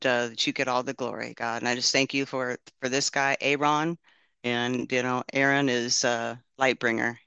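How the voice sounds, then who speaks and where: A man's voice: mid-range voice, pushed and bright, clear, resonant tone, dry recording, highs cut off. A man casually sharing a testimony and praying, telling his story in an earnest, rambling way with many restarts.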